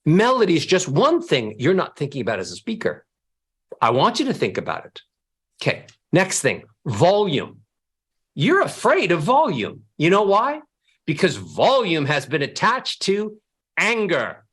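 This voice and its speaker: A man's voice: measured pace, breathy edge. A man speaking as a voice coach, giving a motivational talk and acting out sad, happy and angry ways of speaking. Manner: animated, with sweeping pitch.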